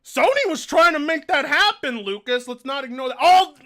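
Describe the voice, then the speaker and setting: Man, live streamer, high pitched, bright sharp tone, profane, whiny, groaning in pain. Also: lively intonation, moderate pace, few pauses. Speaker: live streamer reading donations. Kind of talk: casual live-stream chat.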